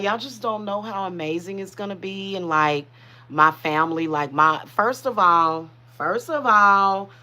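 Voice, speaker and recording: Woman, bright tense voice, casual livestream chat, emotional, rambling restarts. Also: deep voice. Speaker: spiritual reader and channel host.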